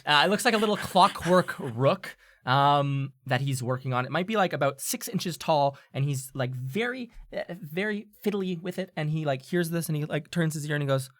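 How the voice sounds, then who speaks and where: A man's voice: a little high, lively intonation, moderate pace, few pauses, fairly bright tone, dry recording, studio quality. A man narrating a tabletop game as game master, rambling with many fillers and restarts.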